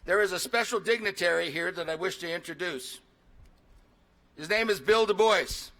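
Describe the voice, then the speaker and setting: Middle-aged guy giving a ceremony speech, kinda high voice, bright and forceful, stops and starts with ums. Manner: measured, with pauses and fillers. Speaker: state legislator giving ceremony remarks.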